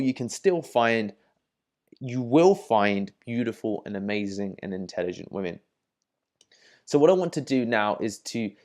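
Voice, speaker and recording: A man's voice: mid-range voice, darkish tone. A man in his thirties with an English accent, a dating coach talking to camera in a loose, chatty way, often repeating words and tagging on "you know" and "right?". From England. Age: 30s. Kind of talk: casual advice talk to camera.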